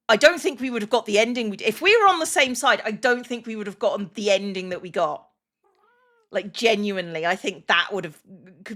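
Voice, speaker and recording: A woman's voice: mid-range voice, sharp tone. A woman, a streamer, chatting casually and emotionally on a livestream. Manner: chatty and emotional, with many restarts and "like" fillers.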